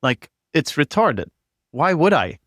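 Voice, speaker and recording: A man's voice: on the high side, very animated, slow, a bit bright, dry recording, clean studio sound. A man speaking as a podcast guest, blunt and opinionated, laughing often and swearing freely. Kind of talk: casual conversation.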